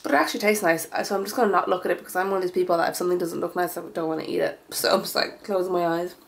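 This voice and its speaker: A woman's voice: on the low side, fairly even intonation, very fast, creaky, low-quality recording. A young woman in her twenties, filming a casual vlog at home in a dim room, rambling and self-deprecating. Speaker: vlogger.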